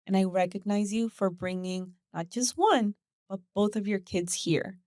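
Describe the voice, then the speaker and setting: A woman's voice: medium pitch, moderate pace, dry recording, clean studio sound. Chatty woman telling a story. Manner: animated storyteller who acts out voices, repeats words and laughs often. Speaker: podcast guest. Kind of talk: casual interview chat.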